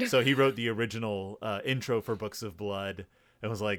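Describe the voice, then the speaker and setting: A man co-hosting a casual podcast about a book, talking in an animated, joking way and putting on quick voices for quotes. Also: fairly low pitch. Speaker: podcast co-host.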